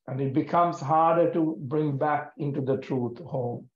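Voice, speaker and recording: A man guiding a yoga breathing practice in a gentle, calm and soothing way, with many pauses. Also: fairly high pitch. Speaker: yoga teacher. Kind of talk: guided yoga breathing instruction. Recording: echoey room, dull lo-fi sound.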